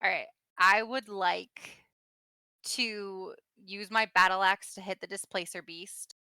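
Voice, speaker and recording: Girl explaining her attack roll, bright voice, smooth, excitable. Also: medium pitch, slow pace, no room sound. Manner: excitable, explains rules aloud. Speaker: player. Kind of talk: tabletop game play.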